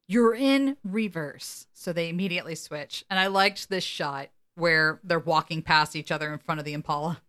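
A woman co-hosting a podcast, casually recapping an episode with animated, laughing delivery. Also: low-pitched, fairly quick, hardly any pauses, smooth. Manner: animated, acts out quotes, laughs often. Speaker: podcast co-host.

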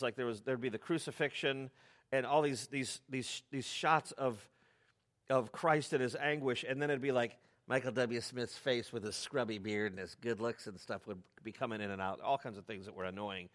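A middle-aged man from the United States preaching a sermon, telling stories in a conversational way with animated asides. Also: medium pitch. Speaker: pastor.

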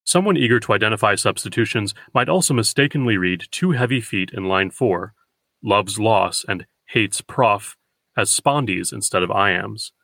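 A man hosting a poetry podcast, giving a scripted, measured lecture and slowing down to read verse. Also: fairly low pitch, lively intonation, creaky, a bit bright, dry recording. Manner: measured, deliberate, slows for quoted verse.

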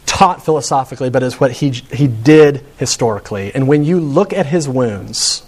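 A man's voice: mid-range voice, normal speed, darkish tone. A man preaching a conversational sermon, telling stories and building to points with rising emphasis. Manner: chatty and storytelling, with frequent restarts and rising emphasis.

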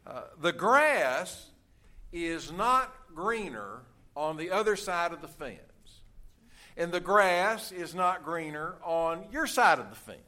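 A man's voice: on the high side, big pitch swings, slow, pushed and bright. A man preaching a sermon in a folksy, joking way, with frequent filler sounds as he talks. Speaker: pastor.

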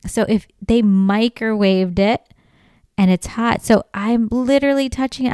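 Brief: woman comic host, smooth clear voice, close and dry mic, animated storytelling, swears freely. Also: a little high, measured pace, no echo. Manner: animated, swears freely, laughs often, acts out quoted lines. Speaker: podcast host. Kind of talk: comedic storytelling monologue.

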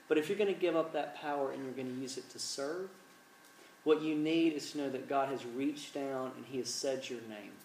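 A man's voice: mid-range voice, a little mellow, a little hiss or hum. A man preaching at an evening gathering, retelling a film scene animatedly, then praying earnestly. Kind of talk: sermon with storytelling and prayer. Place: large room, evening gathering. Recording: echoey, distant mic, faint ambience.

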